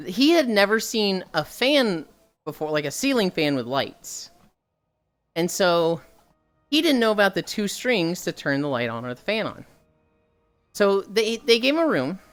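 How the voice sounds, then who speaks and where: A young woman streaming while she walks on a treadmill, telling a story in a casual, animated way with swearing, sounding a little tired. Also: mid-range voice. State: slightly tired from walking.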